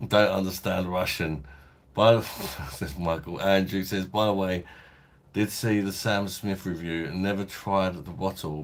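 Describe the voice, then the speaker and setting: A man's voice: deep voice, fairly bright tone. A man hosting a casual beer review livestream, chatting laid-back and reading out viewer comments. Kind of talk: casual live-stream chat.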